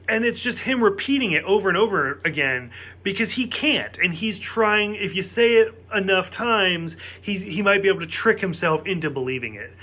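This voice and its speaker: A man's voice: high voice, animated, normal speed, pushed and bright. A man giving a casual spoken TV episode review to camera, emphatic and worked up, swearing freely.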